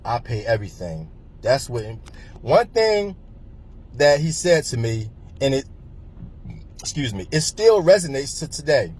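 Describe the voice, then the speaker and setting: A man's voice: a little high, sing-song, a little slow, long pauses, darkish tone, slightly rough. A man in his forties from New Jersey, telling a personal story in a rambling way with many fillers and repeats. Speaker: vlogger.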